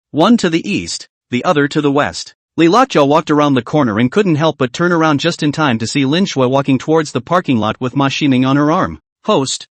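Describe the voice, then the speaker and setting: A man's voice: on the high side, no room sound. A man narrating a comic recap story in a scripted reading style. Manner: animated storytelling, reads every figure himself.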